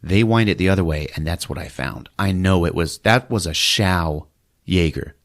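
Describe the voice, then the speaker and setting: A man with a very low voice hosts a comedy podcast, retelling a film's plot with loose, animated energy. He keeps breaking into squeaky put-on voices for the characters. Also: moderate pace. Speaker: podcast host recapping a movie. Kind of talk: comic movie recap.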